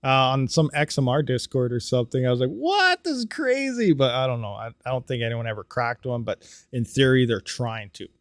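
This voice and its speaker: A man hosting a casual livestream, ranting about hardware and reading out viewer comments, animated and quick to get riled up. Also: medium pitch, dry recording, studio quality. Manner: animated, ranting, talks fast then trails off quietly. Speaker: crypto mining livestream host.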